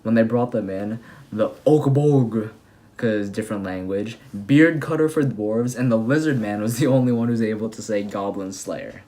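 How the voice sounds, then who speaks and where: A young man casually recapping an anime episode, rambling and excitable with lots of fillers and restarts. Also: lowish voice, moderate pace, a little hiss or hum. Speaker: anime reviewer.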